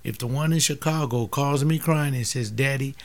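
Brief: older male preacher, gravelly, impassioned, drops from loud appeals to near-whispers. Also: mid-range voice, normal speed. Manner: acts out family dialogues, swings from loud to hushed. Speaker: teacher giving a sermon-like talk.

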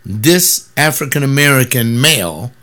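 A man giving preachy, scornful commentary on a video, mixing quick asides with slow, heavily stressed words. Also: mid-range voice, expressive, pushed and bright.

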